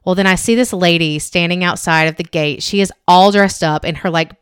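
Woman podcast host, lowish smooth voice, rambling storyteller, dry sound. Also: fairly even intonation, fairly quick, dry recording. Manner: rambling, chatty, heavy use of "like", acts out quotes. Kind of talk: casual chat, storytelling.

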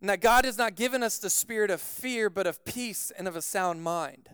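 A man preaching a sermon as pastor, telling a personal story in an animated way with frequent "like" fillers. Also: sits high, normal speed, clean tone, no echo, studio quality.

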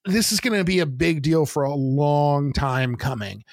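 A man with a fairly high voice, speaking in earnest, casual podcast chat. He restarts his sentences often. The sound is dry and close. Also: expressive, measured pace, no echo. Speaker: podcast co-host.

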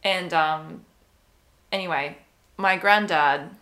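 A woman's voice: fairly low pitch, takes it slowly, sharp tone. A young woman casually telling a personal story, rambling with many fillers and quoted asides. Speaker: podcast co-host.

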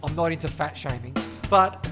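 Man, slightly higher voice, wry. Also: loud music behind the voice. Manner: quick short agreements, wry jokes. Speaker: podcast co-host. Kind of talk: casual chat.

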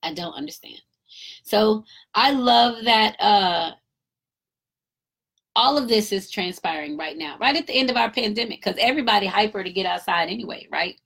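A woman giving an emphatic, animated casual commentary, a parent talking in her own voice. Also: medium pitch, normal speed, gravelly. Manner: emphatic, animated storytelling with acted-out quotes.

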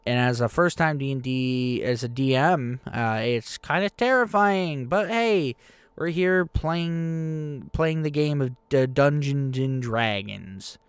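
Young male podcast host and game master, excitable and rambling, crisp and dry. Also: medium pitch, takes it slowly, no room sound. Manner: rambling, excitable, self-deprecating. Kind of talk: casual podcast chat.

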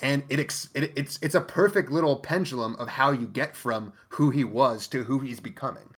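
A man's voice: medium pitch, normal speed, husky. A man co-hosting a podcast, casually recapping an anime in a profane, emphatic way. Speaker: podcast co-host.

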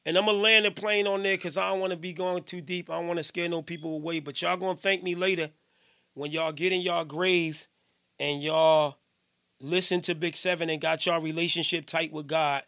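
Middle-aged male radio host, high gravelly voice, emphatic preachy rambling, dry close sound. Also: fairly even intonation, normal speed, no echo. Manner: emphatic, repetitive, swings loud and soft. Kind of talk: casual preachy monologue. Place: radio station studio.

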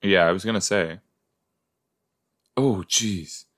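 A man with a deep, low voice hosts a casual watch-along podcast. He takes his time, reacting out loud with quick exclamations and groans of disgust. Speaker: podcast host.

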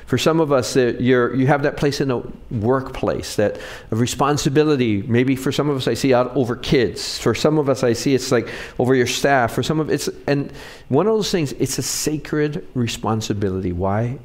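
A pastor preaching a sermon, animated, with frequent restarts and rhetorical questions to the congregation. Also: male voice, mid-range voice, normal speed.

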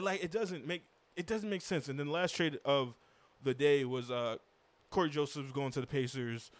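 A young man hosting a solo sports recap, ranting as a frustrated fan with stumbling restarts and repeated rhetorical questions. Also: medium pitch. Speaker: sports podcast host.

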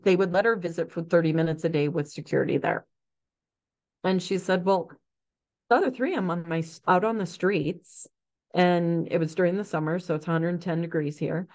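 A woman in her forties, a neonatal nurse practitioner, tells stories from her work in a frank, animated way. She slips into quoted voices and fills gaps with ums. Her voice sits a little low, and the recording sounds dull and lo-fi. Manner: frank, animated, acts out quotes, many fillers. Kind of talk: casual interview storytelling.

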